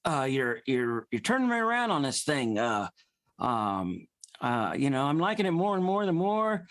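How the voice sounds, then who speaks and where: A man's voice: medium pitch, sing-song, moderate pace, a bit bright, no room sound. A man performing an improvised comedy scene, hesitant and full of fillers. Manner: hesitant, many ums and uhs. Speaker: improv player.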